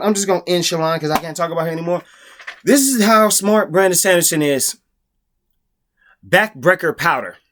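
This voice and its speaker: A man giving a casual, profane rant in his own book review, exasperated and mocking. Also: on the high side.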